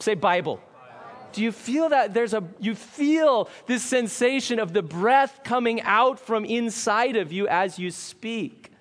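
A man preaching a sermon, earnest, asking the congregation questions and slowing down to stress key points. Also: extremely high pitch, a bit bright. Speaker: pastor.

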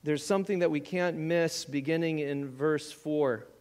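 A man with a high voice delivers a sermon at an unhurried pace. He is earnest, rising into impassioned appeals and sinking to near whispers. His voice rings with the long reverb of a large church hall. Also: darkish tone. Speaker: pastor.

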